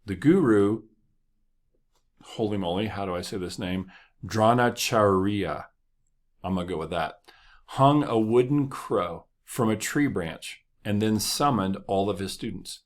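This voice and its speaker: A man's voice: lowish voice, expressive, a little slow. A man hosting a motivational podcast, talking casually and joking as he tells stories. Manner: conversational, joking, laughs often. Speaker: podcast host.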